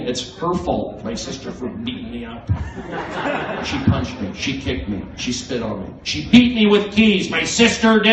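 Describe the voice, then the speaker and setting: A male stand-up comic with a manic, erratic delivery that jumps into sudden loud outbursts. His voice sits a little high for a man. It is picked up from across a live club room, echoey and distant, with a steady layer of crowd noise around it. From American Southwest. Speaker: stand-up comedian. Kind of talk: stand-up comedy set. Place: comedy club main room. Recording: roomy, distant livestream audio with crowd laughter.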